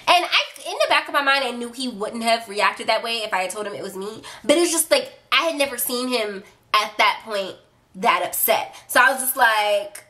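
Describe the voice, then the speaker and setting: Bright, high-voiced young woman telling a story. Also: normal speed. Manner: animated, chatty storytelling, addressing viewers directly. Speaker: vlogger. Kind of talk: casual storytime chat to camera.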